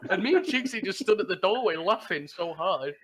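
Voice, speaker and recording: On a laid-back gaming podcast, a male co-host with a high, fairly bright voice and lively intonation talks fairly quickly. He recaps a game server through a rambling story, restarting and laughing as he goes.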